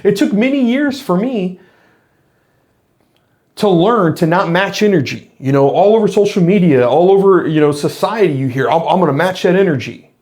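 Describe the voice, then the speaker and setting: Earnest higher-voiced man reflecting. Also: expressive, moderate pace, darkish tone. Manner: earnest, explanatory, frequent restarts. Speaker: former police officer, channel host. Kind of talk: reflective monologue to camera.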